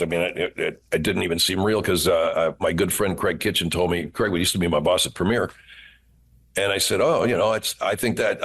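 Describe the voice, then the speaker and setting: An older man being interviewed, a radio host telling stories and breaking into character voices with laughter. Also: sits low. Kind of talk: casual interview chat.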